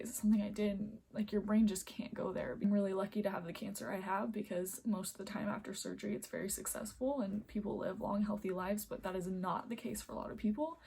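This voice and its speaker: A young woman speaks into her phone at home, earnest and emotional, close to tears as she talks. Her voice is husky and dark with a gravelly edge. She rambles and keeps dropping into soft near-whispers. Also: medium pitch. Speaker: vlogger. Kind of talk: emotional personal vlog. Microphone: phone camera.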